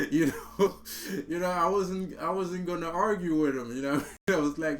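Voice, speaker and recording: A man's voice: a little high, steady tone, moderate pace. A man telling a story in a casual, profane, streetwise way, laughing often and saying bro and man. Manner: repeats and restarts words. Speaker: vlogger.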